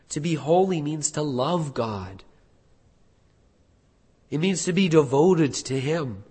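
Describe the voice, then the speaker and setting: A man delivers an earnest sermon in a church sanctuary, his voice pitched a little high with a husky edge. He builds to emphatic peaks and then sinks to quieter, heavier lines. Long reverb from the hall hangs after every phrase. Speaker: pastor.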